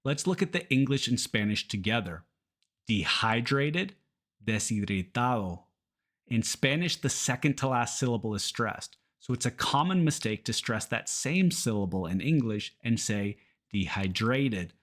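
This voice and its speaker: A man from teaching English pronunciation, modeling words slowly and repeating them so learners can copy. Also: medium pitch, lively intonation, a bit bright. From Kentucky, United States. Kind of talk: pronunciation lesson.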